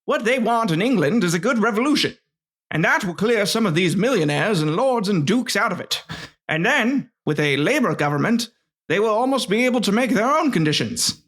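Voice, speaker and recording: An old-timey working man from the early 1900s reads out his letter home, as a man puts on the voice. The delivery is stagey and old-fashioned, pitched well above the speaker's own talk. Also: animated, brisk, fairly bright tone. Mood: indignant.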